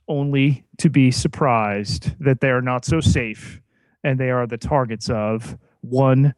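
A man co-hosting a podcast, recapping an episode in a measured, deliberate way. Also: medium pitch, no room sound. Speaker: podcast co-host.

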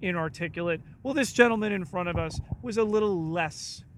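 A man's voice: high-pitched, brisk, a bit bright, a little hiss or hum. A man co-hosting a podcast in casual chat, hesitant and full of dry, sarcastic humor. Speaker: podcast co-host.

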